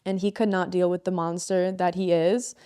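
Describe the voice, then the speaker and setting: A woman's voice: fairly low pitch, flat delivery, normal speed, dark tone, clear, resonant tone. A woman in her twenties, a podcast co-host, frankly and emotionally telling a personal story with a lot of swearing. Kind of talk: candid podcast conversation.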